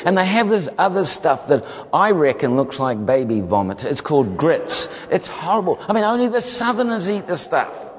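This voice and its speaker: A man from New Zealand with a New Zealand accent, telling a humorous testimony as a guest preacher, animated and full of comic asides. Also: on the high side, normal speed, a little hiss or hum. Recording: long hall reverb.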